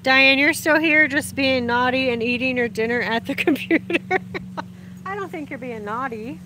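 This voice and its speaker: In a casual live chat outdoors under the sun, a woman reads viewer comments from her phone, laughing often and greeting everyone warmly. Her voice sits high and moves at a normal speed. Background noise runs through the clip.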